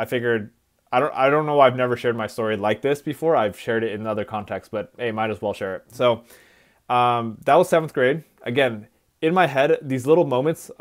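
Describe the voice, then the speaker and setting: A man who speaks at schools, telling his life story in a reflective, conversational way on a live stream. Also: mid-range voice. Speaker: motivational speaker.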